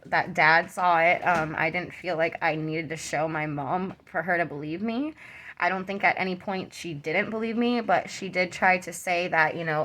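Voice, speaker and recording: A young woman, a mother, telling a personal story to camera in a halting way, full of ums and you-knows. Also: lowish voice. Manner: soft and subdued, rising when tense.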